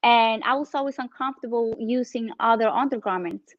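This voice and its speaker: A woman in her thirties with a Spanish accent, an entrepreneur guest telling her story with animated energy in a casual interview. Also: on the high side, fairly quick, dull audio. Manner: animated, acts out phone calls in her story.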